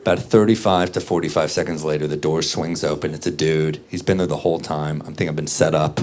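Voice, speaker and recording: A man doing a stand-up comedy set, telling stories in a deadpan way and acting out the quotes. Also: a bass voice, quick pace, a little hiss or hum. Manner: deadpan storytelling with acted quotes. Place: comedy club stage. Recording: live club set, loud crowd laughter. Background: audience laughing.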